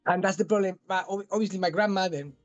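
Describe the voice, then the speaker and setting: A man's voice: high voice, fairly even intonation, quick pace, highs cut off, soft background music. A man in his thirties from southern Spain with a thick Spanish accent, chatting as a guest in a casual interview, often restarting and repeating words.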